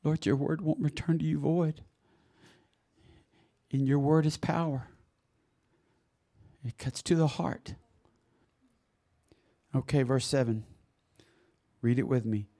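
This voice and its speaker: A man preaching a sermon in a church, swinging from soft reflection to loud exclamations. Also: mid-range voice, slow pace, long pauses. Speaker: pastor. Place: church sanctuary.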